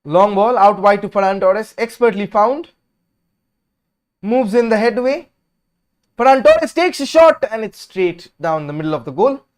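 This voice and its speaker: A man hosting a live watch-along stream, giving casual, opinionated match commentary that swings between lively calls and low, sleepy mumbles. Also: measured pace, clear, resonant tone.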